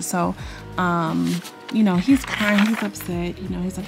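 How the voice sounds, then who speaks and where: A woman's voice: fairly low pitch, steady tone, normal speed, gravelly, over music. A woman giving a blunt, chatty recap of a reality show indoors, talking straight to her viewers. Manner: chatty, blunt, slangy, addresses viewers directly. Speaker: YouTube reality-show reviewer. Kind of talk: casual commentary recap. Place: indoors at home.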